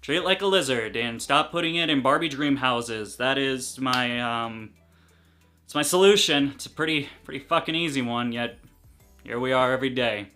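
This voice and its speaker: A young man ranting in a comedic vlog, profane, exasperated and sarcastic, swinging between loud outbursts and tired mutters. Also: medium pitch, moderate pace, soft background music. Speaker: reptile YouTuber.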